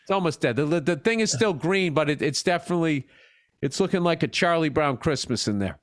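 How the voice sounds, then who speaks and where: A man's voice: a little high, expressive, a little fast, no room sound, clean studio sound. A middle-aged man co-hosting a podcast in casual comedic chat, ranting profanely and mimicking people in exaggerated voices. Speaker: podcast co-host.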